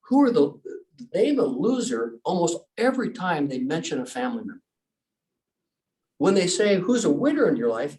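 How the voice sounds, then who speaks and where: Animated man telling stories from afar. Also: on the high side, far from the mic, rough recording. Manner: animated, acts out quoted voices. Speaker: guest speaker. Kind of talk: storytelling talk.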